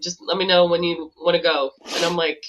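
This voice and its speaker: A woman co-hosting a podcast, telling stories in a chatty, animated way and laughing easily. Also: fairly low pitch, a little fast, slight background noise. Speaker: podcast co-host. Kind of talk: casual conversational storytelling. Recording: dull lo-fi recording.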